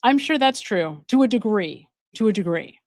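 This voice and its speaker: A woman's voice: medium pitch, lively intonation, moderate pace, a little mellow, dry recording, studio quality. A woman hosting a live stream. She reads out viewer donations and gives commentary, repeating phrases for emphasis. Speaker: host and addiction counselor.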